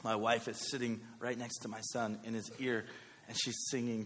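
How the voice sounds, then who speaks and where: A man, preaching a sermon with a personal story, talking conversationally with animated asides. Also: mid-range voice, moderate pace, background noise. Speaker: pastor. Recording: long hall reverb.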